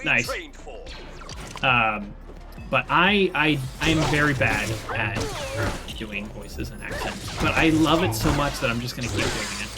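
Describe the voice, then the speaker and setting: A streamer giving casual, rambling commentary while playing, self-deprecating and quick to laugh. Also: mid-range voice, animated, music in the background. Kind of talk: casual livestream gameplay commentary.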